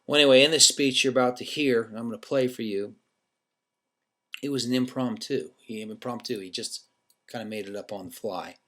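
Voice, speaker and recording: A man's voice: medium pitch, a little fast, a bit bright. A man vlogging casually to his viewers, candid and loose, telling a personal story with the odd swear word.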